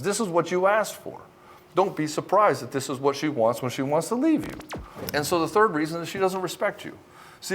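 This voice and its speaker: A man's voice: medium pitch, slight background noise. Blunt, profane male relationship coach. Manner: mocks men by mimicking them. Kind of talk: direct-to-camera coaching talk.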